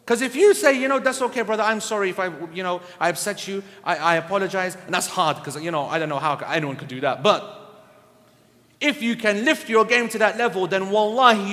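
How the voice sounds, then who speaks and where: A man's voice: sits high, a bit bright. A man giving a blunt, humorous, scolding religious lecture, recorded in a reverberant hall. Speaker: Islamic lecturer. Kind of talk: sermon lecture.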